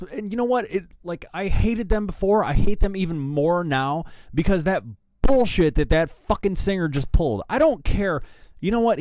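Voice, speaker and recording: A man's voice: sits high, a little mellow, no room sound. A man hosting a rock news show, ranting angrily and swearing heavily about a band. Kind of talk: profane opinion rant.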